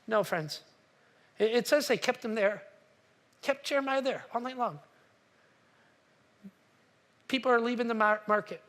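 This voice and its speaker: A man preaching a sermon as pastor, telling a story with animated quotes and asking the congregation questions. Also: very high-pitched, normal speed, pauses often.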